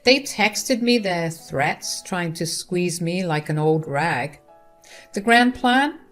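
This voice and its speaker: A woman's voice: lowish voice, lively intonation, slow. Wry woman narrating a revenge story. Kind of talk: first-person story narration. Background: faint guitar music.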